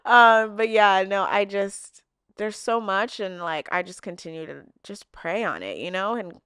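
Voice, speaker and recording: Young woman, casual vlog chat, emotional and open, filler-heavy, smooth voice, dry close sound. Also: medium pitch, lively intonation, a little slow, fairly bright tone, no echo. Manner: chatty, emotional, lots of likes and fillers. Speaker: vlogger answering viewer questions. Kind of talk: casual heartfelt chat to camera.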